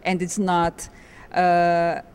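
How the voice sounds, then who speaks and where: Nervous, halting Brazilian woman. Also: fairly low pitch, monotone, a little mellow, clean tone. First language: Portuguese. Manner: halting, nervous, searching for words. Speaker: audience member. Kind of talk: emotional testimonial.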